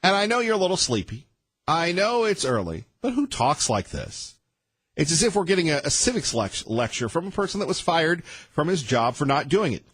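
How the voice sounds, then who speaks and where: A man hosting a morning talk radio show, delivering rapid-fire sarcastic opinions. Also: on the high side, sing-song, a bit bright, slightly rough, dry recording. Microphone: studio microphone.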